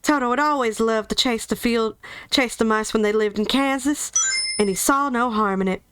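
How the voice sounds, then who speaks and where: A woman's voice: fairly high pitch, moderate pace, fairly bright tone, clean tone. A woman from Georgia with a Southern accent, reading a children's novel aloud in a playful, chatty way. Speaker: storybook reader.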